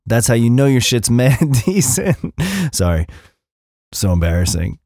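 A man's voice: medium pitch, a little slow, dry recording, studio quality. A man in his thirties hosting a solo podcast, ranting casually and swearing often. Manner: animated, profane, ranting. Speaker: podcast host.

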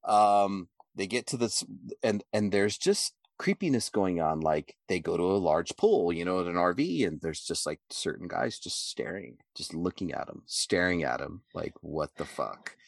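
A low-pitched man holds forth on a podcast in loose, profane, rambling talk. He often jumps into quoted lines in a louder, higher voice. The sound is dry and close, with no room around it. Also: animated, moderate pace, gravelly, no echo. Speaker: podcast co-host. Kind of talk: casual podcast chat.

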